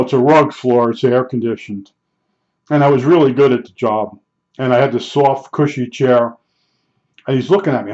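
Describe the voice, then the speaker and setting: An older man rambles through family stories in a casual, talkative way, stopping and restarting often. His voice sits in a middle pitch, and the recording sounds muffled and lo-fi. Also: a little mellow. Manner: rambling, chatty, with fillers and restarts. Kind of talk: casual storytelling. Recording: dull lo-fi recording.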